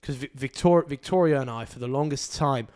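A man's voice: medium pitch, brisk, darkish tone, smooth, natural voice. A man putting on a pompous, spiteful football star with a mock English accent and profane outbursts.

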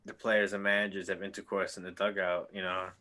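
A man's voice: deep voice, flat delivery, fairly quick, pushed and bright. A man co-hosting a podcast, talking sports in an eager, casual way. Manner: enthusiastic sports talk. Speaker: podcast co-host. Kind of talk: casual chat.

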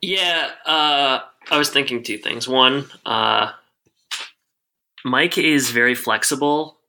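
Very bright-voiced male podcast co-host. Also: mid-range voice. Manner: wry, self-interrupting, quick to joke. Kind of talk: casual chat recapping a TV episode.

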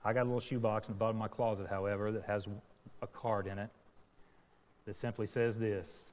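A man's voice: on the low side, level tone, a little fast, a little mellow. A male pastor telling a story in a sermon, self-deprecating and acting out the dialogue of the people in it. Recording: long hall reverb.

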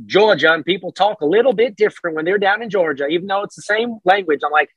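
A man's voice: high-pitched, fast, hardly any pauses, slightly rough, no room sound, low-quality recording. A man with an American accent, a podcast guest chatting casually and rambling through restarts. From United States. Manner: animated, rambling with many restarts. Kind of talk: casual chat.

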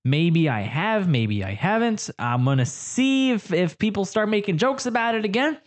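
A man's voice: high voice, animated, moderate pace. A young man hosting a podcast, rambling through crude jokes in a casual comedic monologue. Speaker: podcast host.

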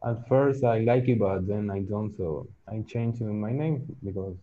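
A man's voice: on the low side, a little slow, a little hiss or hum. Male guest, hesitant, tinny call audio. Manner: hesitant, short answers. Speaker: guest artist.

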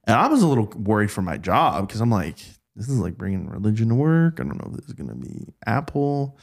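Telling old work stories as a podcast guest, a man speaks casually in a low-side, gravelly voice at a slightly fast clip. He's animated, mimicking the voices of the people he quotes.

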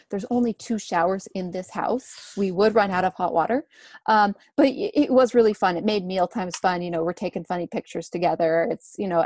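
A young woman in her twenties, a guest in a casual interview, talking in a relaxed, chatty way with many fillers. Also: lowish voice, dry recording. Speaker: guest, runner and food blogger.

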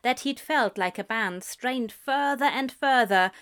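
A woman reading a fan fiction story aloud. Her voice sits fairly high and she takes her time, lingering over each phrase with expressive storytelling. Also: measured pace, clear, resonant tone. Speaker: reader.

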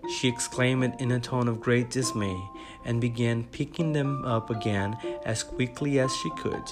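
A man's voice: medium pitch, normal speed. Man, podcast host, upbeat, reads a storybook aloud, music behind. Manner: upbeat, chatty greetings, then steady reading. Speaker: podcast host and English teacher. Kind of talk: podcast lesson and read-aloud storybook narration.

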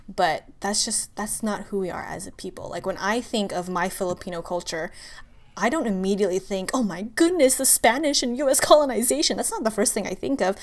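A woman guest speaking earnestly and reflectively about her family and culture. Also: medium pitch. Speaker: interview guest. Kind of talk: casual interview.

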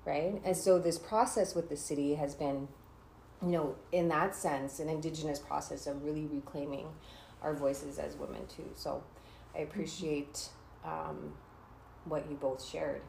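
A woman speaking in a slow, thoughtful, soft-spoken way in a reflective conversation, heard in an echoey room with faint background noise. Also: deep voice, vocal fry.

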